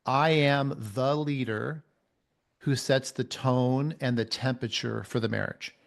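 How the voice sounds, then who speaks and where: A man's voice: mid-range voice, steady tone, unhurried, gravelly. A man speaking as a guest coach on a men's mentoring video call, emphatic and repeating his key phrases. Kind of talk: motivational coaching talk.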